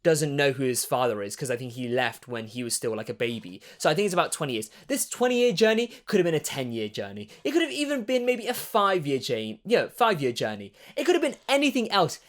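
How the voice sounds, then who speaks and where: A man's voice: fairly high pitch, sing-song, quick pace, few pauses. A man hosting his own channel, chatting in a rambling way with wry asides. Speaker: vlog host. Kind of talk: casual monologue.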